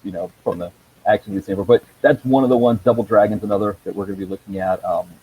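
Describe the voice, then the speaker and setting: A man's voice: lowish voice, fairly even intonation, fast, warm tone, husky, low-quality recording. A man on a video call chatting about his movie blog, rambling with many ums and chuckles. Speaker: movie blogger guest. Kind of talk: casual video call chat.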